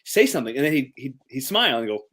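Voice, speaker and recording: A man's voice: medium pitch, big pitch swings, racing, fairly bright tone. Hesitant, apologetic man. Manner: hesitant, apologetic, many restarts. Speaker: panelist. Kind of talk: casual panel chat.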